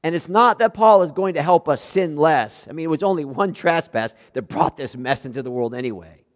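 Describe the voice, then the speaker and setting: A man preaching a sermon as pastor, animated, swinging between loud emphatic outbursts and quiet, low-voiced asides. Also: brisk, long reverb tail.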